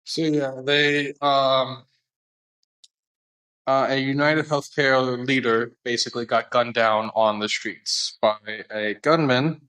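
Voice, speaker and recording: A man's voice: medium pitch, steady tone, slow, pushed and bright, poor audio. A man co-hosting a casual podcast, talking in a laid-back, rambling way with lots of fillers. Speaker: podcast co-host. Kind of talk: casual chat.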